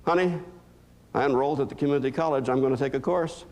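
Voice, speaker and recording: A man's voice: mid-range voice, fast, darkish tone, lightly acted. A man voicing a wife who is determined to better herself. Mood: resolute. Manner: eager, resolute. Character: determined, newly confident wife.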